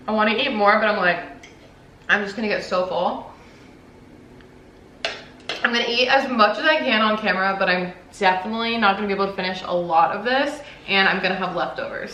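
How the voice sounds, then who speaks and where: A woman's voice: mid-range voice, moderate pace, bright, forceful tone. A young woman YouTuber chatting casually while she eats on camera for a mukbang, swearing now and then. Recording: roomy echo, faint background noise.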